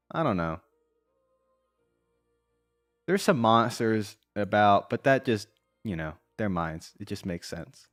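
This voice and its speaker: A man's voice: fairly low pitch, no echo, studio quality. A man casually recapping a video game, rambling and breaking into his own asides. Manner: rambling, self-interrupting asides.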